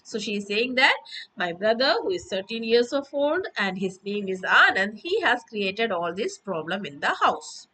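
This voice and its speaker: A woman's voice: mid-range voice, big pitch swings, moderate pace, bright, forceful tone, slight background noise, low-quality recording. A woman explaining a school reading lesson, breaking each line into simple meanings and repeating them. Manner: explains word by word, repeating with "that means". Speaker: English teacher.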